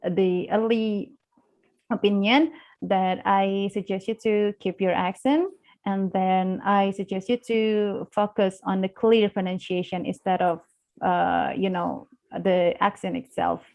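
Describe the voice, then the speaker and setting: A woman's voice: mid-range voice, steady tone, slow, darkish tone. Woman, young, Indonesian accent, hesitant, lots of fillers, live class guest. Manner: hesitant, many fillers and restarts. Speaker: guest speaker on English accents. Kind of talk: live online class discussion.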